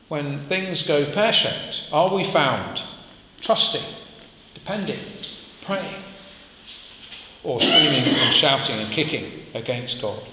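A man's voice: medium pitch, sharp tone, a little hiss or hum. A man preaching a sermon to a congregation, talking in a conversational way and putting questions to his listeners. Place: church hall. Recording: echoey hall, faint ambience.

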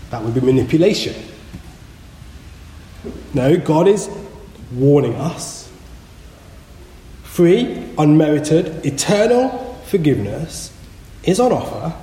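A man gives a sermon in a slightly high, mellow voice that rises and falls with lively pitch. He talks in an earnest, measured way and stresses key words. The sound is roomy, with a long reverb from a large church hall. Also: slight background noise. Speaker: preacher.

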